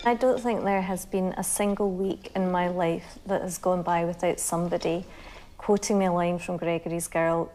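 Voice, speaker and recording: A woman's voice: fairly low pitch, steady tone, moderate pace, a little mellow, a little hiss or hum. A woman in an interview, speaking thoughtfully and fondly. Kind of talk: reflective interview talk.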